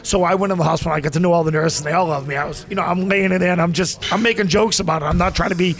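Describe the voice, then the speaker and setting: Racing along in a high voice, a Massachusetts man in his forties, once a pro wrestler, rambles through casual stories as an interview guest. He's animated and slips into voices to act out the characters in each anecdote.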